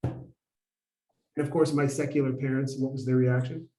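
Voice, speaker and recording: A man telling an animated personal story to a live audience. He acts out the dialogue and asks the audience questions. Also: medium pitch, unhurried, pauses often. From United States. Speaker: speaker. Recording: roomy echo.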